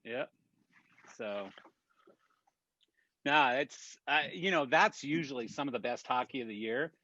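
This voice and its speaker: A man's voice: medium pitch, lively intonation, a little slow, bright, forceful tone. A man on a video call, chatting casually and telling anecdotes with laughs and swearing. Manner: profane, laughing anecdote-teller. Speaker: regular on a weekly industry chat. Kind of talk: casual chat, storytelling. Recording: dull dry video-call audio.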